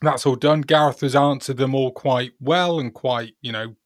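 A man's voice: medium pitch, steady tone, no room sound, clean studio sound. Chatty man talking football. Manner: chatty, laughs often, drawn-out explanations. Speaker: podcast co-host. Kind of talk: casual football chat.

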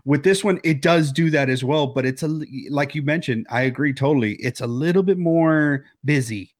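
A man's voice: fairly high pitch, normal speed, no room sound, clean studio sound. A young man co-hosting a podcast from home, chatting casually and often restarting his thoughts. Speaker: podcast co-host. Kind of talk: casual chat. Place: home, remote recording.

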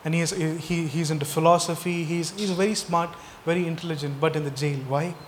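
A man's voice: a little high, steady tone, a little fast, big-room sound, a little hiss or hum. A male pastor delivering a sermon, asking the congregation rhetorical questions and stressing key points.

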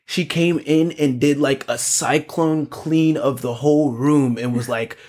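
A man co-hosting a casual chat, excitable, jumping in and repeating himself as he talks. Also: fairly high pitch, a little slow.

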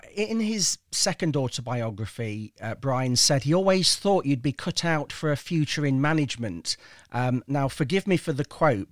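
A male interviewer asks prepared questions in a measured way. His pitch moves a lot, and the recording is dry and close. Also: no echo.

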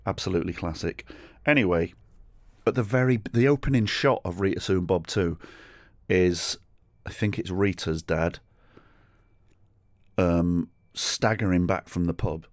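A deep-voiced English man telling a story on his solo comedy podcast, sweary and chatty, with bursts of animation and asides. His voice is close and dry, with no room sound around it. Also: measured pace, pauses often, no echo. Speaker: podcast host.

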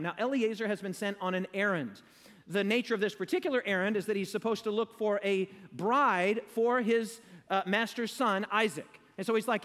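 High-voiced male preacher in a reverberant hall. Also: fairly quick, a bit bright. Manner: emphatic, engages audience with call-and-response. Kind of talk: sermon.

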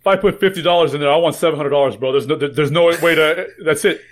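A man's voice: fairly high pitch, quick pace. A man co-hosting a casual trading podcast, rambling, joking and swearing freely. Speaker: podcast co-host.

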